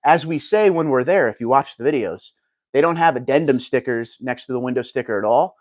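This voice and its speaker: A man's voice: mid-range voice, expressive, brisk, darkish tone, no echo. A man hosting a casual livestream, chatting and reading viewer comments aloud. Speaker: livestream host reading chat.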